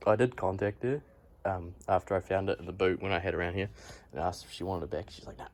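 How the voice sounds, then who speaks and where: A man's voice: low-pitched, fairly even intonation, fast, a little mellow. A young man chatting casually while filming on his phone in a garage, rambling and swearing often as he talks. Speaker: vlogger. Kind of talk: casual vlog chat. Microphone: phone held while filming.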